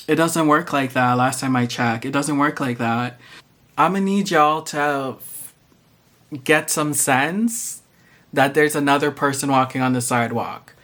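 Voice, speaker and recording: A man's voice: on the high side, fairly bright tone. A man ranting to camera in a vlog, exasperated, profane and sassy. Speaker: vlogger. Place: Toronto.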